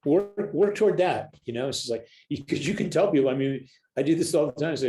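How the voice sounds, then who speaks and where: A man's voice: fairly high pitch, quick pace, hardly any pauses, low-quality recording. An older man, a counselor and spiritual leader, talking casually as a podcast guest and acting out the voices he quotes. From United States. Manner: animated storyteller who acts out quoted voices. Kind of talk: casual storytelling conversation.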